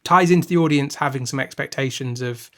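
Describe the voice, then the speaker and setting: A man in relaxed conversation on a film podcast, talking at a mid pitch. He thinks aloud and restarts his sentences, keeping an easy, casual tone. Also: a little fast. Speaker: podcast co-host.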